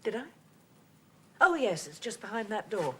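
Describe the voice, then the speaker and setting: A woman's voice: medium pitch, sing-song, normal speed, pushed and bright, slight background noise. An actress playing a desperate woman abandoned by her lover, clipped, formal and bitterly ironic. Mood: cold. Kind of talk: 1990s television drama acting.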